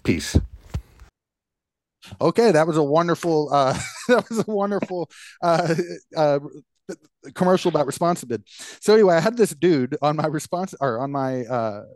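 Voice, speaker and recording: A man's voice: fairly high pitch, expressive, moderate pace, no echo, clean studio sound. A man hosting a podcast who rambles casually in a conversational rant, with lots of restarts. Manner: rambling, many fillers and restarts. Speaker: podcast host.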